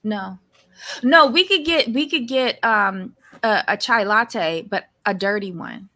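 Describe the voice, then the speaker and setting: A woman co-hosting a casual recap podcast, chatting in an animated way and often restarting her sentences. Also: medium pitch, takes it slowly. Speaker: podcast co-host.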